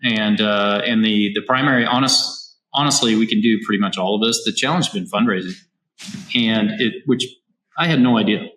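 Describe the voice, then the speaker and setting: A man with a low voice tells his farming story as an interview guest, energetic and full of restarts. He sounds from Kansas. The room around him is echoey. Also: moderate pace. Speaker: farmer and robotics company founder, guest. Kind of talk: casual interview conversation. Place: on a farm.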